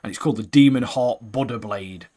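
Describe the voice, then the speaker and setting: A man co-hosting a casual anime podcast, animated and full of banter. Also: medium pitch, brisk, a crowd in the background. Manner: animated, banter-heavy, says "mate" constantly. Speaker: podcast co-host.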